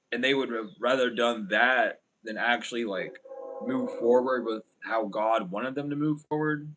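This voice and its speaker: Male tarot reader for a live stream, mid-pitched, loose and rambling, blunt, filler-heavy delivery. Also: noisy background. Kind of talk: casual livestream tarot reading.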